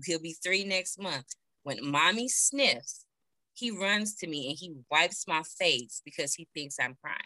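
A woman in her thirties talks as an interview guest over a video call, telling her own story. Her voice sits low but has a bright, forceful edge. She speaks in an earnest, heartfelt way with plenty of fillers, and the sound is dry and close. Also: no echo, low-quality recording. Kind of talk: personal story in a remote interview.

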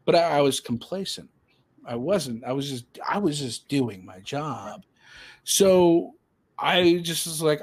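A man hosting a casual podcast, telling a personal story in a rambling, animated way with many fillers and restarts. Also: on the high side, slow pace, slightly rough, no echo. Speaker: podcast host.

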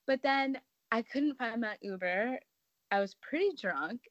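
Relaxed young woman, dry close sound. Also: a little high, unhurried, dry recording, muffled recording. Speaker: podcast co-host. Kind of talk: casual chat, storytelling.

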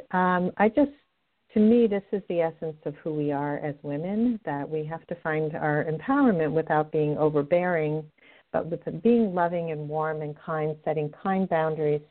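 A middle-aged woman hosting a radio show as a love coach, chatting in an upbeat, direct way. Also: low-pitched. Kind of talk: podcast host monologue. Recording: tinny phone-line audio.

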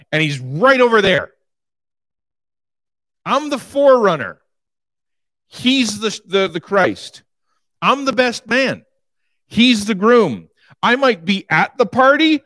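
An earnest, fervent male prophet, as a preacher speaks in his voice, declaring with emphasis and a lively, high-reaching pitch. The sound is dry and close. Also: takes it slowly, pauses often, no room sound, exaggerated voice. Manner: earnest, emphatic first-person paraphrase. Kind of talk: sermon.

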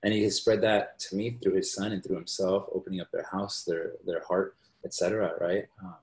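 A man's voice: low-pitched, flat delivery, brisk, darkish tone. A man talking as a podcast guest, telling rambling personal stories in a casual conversational way and tagging his sentences with "right?". His voice is recorded in a roomy space. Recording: roomy echo.

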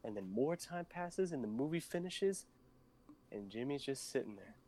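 A man's voice: medium pitch, expressive, normal speed, warm tone. Playful rambling male storyteller. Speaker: podcast co-host. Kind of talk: casual chat, telling a silly story.

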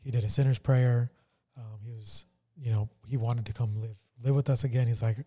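A man co-hosting a faith podcast speaks in a somber, halting way, full of fillers. His voice is very dark and mellow, at an ordinary pitch. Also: steady tone. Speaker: podcast co-host. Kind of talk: casual personal testimony.

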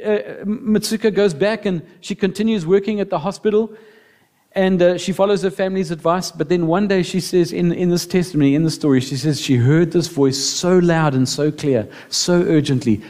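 High-voiced emotional male preacher. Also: steady tone, normal speed, a little mellow. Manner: emotional, building to impassioned appeals. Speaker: pastor. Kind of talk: sermon.

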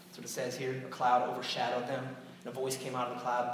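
A man preaching a sermon, telling the story with animated, sarcastic acted-out quotes. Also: medium pitch, quick pace, slight background noise. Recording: echoey hall, mic far off.

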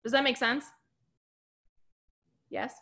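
Bright bubbly woman coaching her team. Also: high-pitched, little pitch movement, slow. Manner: bubbly, chatty, lots of "like" and "right?". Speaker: business coach. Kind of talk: team training on a video call. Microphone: video call.

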